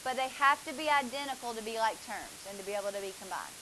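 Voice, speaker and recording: A woman's voice: fairly high pitch, animated, fast, noisy background. A woman, teaching a math class, asking students questions and praising their answers.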